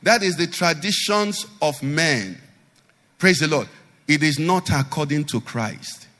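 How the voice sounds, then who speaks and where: Animated preacher in a reverberant hall. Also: male voice, a little high, unhurried. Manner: animated preaching with rhetorical questions. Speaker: pastor. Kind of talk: sermon.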